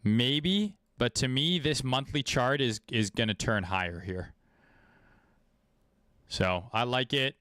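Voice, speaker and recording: A man's voice: mid-range voice, slow pace, long pauses, a bit bright, clean tone, no room sound, studio quality. A man giving casual, profane, laid-back commentary on trading charts during a livestream, with many fillers. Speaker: trading streamer.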